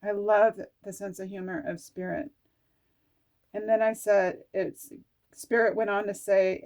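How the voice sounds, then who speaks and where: Unhurried, a middle-aged woman works through her oracle cards, reading their words aloud and chatting to herself between them. Her tone is earnest and candid, with the odd casual curse. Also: medium pitch, fairly even intonation, a little mellow, lo-fi sound. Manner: chatty, talks to herself while reading card texts aloud. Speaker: oracle card reader. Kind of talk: casual spiritual card-reading vlog.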